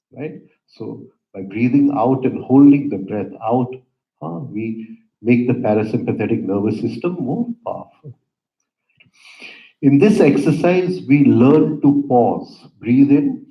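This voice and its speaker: Calm man teaching yoga breathing. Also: medium pitch. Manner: calm instructive, frequent "right?" asides, soft pauses. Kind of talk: guided breathing lesson with storytelling. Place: yoga center room. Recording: roomy, dull lo-fi hall recording.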